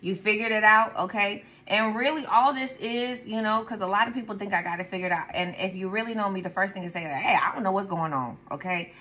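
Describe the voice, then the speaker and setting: A woman's voice: mid-range voice, fairly even intonation, quick pace, few pauses, bright, forceful tone, slight background noise, low-quality recording. Chatty, profane woman tarot reader. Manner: profane, chatty, rambling, with frequent laughs. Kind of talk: casual tarot reading to viewers.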